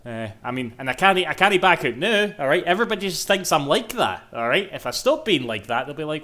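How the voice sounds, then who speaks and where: Scottish guy streaming a game, bright punchy voice, rambly and sweary. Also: fairly high pitch, very animated, a little fast, few pauses. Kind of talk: casual gaming commentary.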